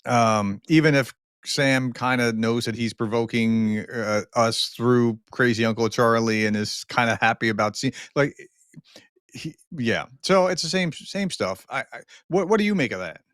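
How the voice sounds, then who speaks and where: A male co-host talks politics in a measured, hesitant way, his pitch in the middle range. He tries to keep things in perspective, and his voice sounds dry and close to the mic. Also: fairly bright tone, dry recording. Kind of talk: casual political discussion.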